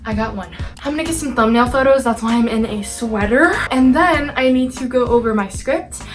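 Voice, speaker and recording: A young actress chatting casually to her camera at home, self-deprecating and bubbling over with excitement at times. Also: fairly high pitch, a little fast. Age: young adult. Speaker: actress and vlogger. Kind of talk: casual vlog chat to camera. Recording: music playing behind the voice.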